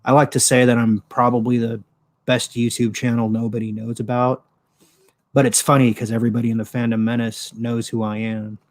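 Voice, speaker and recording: Rambling, flat-voiced man hosting a show. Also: mid-range voice, a little fast. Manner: rambling, profane, lots of fillers. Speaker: show host. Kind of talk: casual solo commentary. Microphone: desktop microphone with pop filter.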